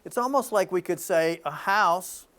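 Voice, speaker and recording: A man hosting an informal spiritual talk, telling stories in an animated way with frequent restarts. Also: high-pitched, unhurried, background noise.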